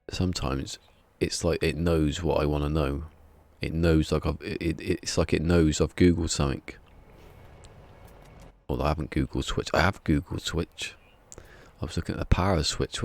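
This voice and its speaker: A man's voice: rumbling low, moderate pace, vocal fry, pauses often, a little mellow. A man chatting casually on a live game stream, rambling and wry, often muttering asides to himself.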